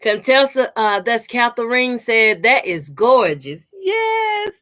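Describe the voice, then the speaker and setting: A woman's voice: fairly high pitch, expressive, measured pace, a bit bright. A woman hosting a quilting channel, chatting casually on a home livestream, greeting viewers by name and showing her work to the camera. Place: home room by a door.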